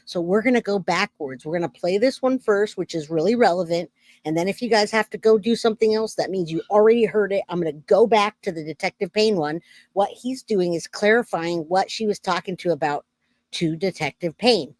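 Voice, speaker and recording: A woman's voice: medium pitch, a little fast, a little mellow, no echo. A woman hosting a casual true crime livestream, chatting and reading out viewer comments.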